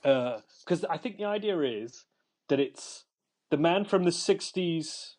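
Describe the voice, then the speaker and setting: A man's voice: on the high side, expressive, a little slow, darkish tone. A man hosting a podcast, chatting casually and rambling with fillers and restarts. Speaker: podcast host. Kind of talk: casual chat.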